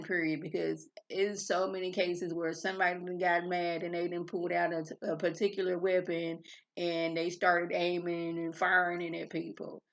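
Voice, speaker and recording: A woman's voice: fairly low pitch, fairly bright tone. A woman in her thirties giving a casual, chatty review of a reality TV episode, rambling off on tangents as she talks. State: a bit irritable before coffee. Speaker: reality TV recap vlogger. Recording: dull lo-fi sound.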